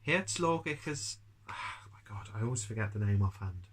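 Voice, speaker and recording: A man's voice: on the low side, expressive, normal speed, breathy edge. A man coming down with a cold, reviewing beer in a rambling, chatty vlog style with casual swearing. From United Kingdom.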